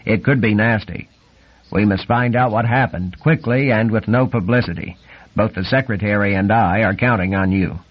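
A senior navy admiral, calm and commanding, giving measured instructions in a low, husky voice, read by a male narrator. The audiobook recording sounds dull and lo-fi. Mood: firm.

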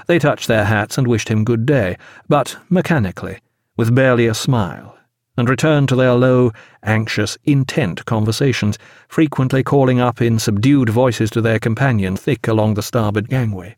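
A man narrating a sea novel as an audiobook, expressive and measured. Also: medium pitch, no echo, clean studio sound.

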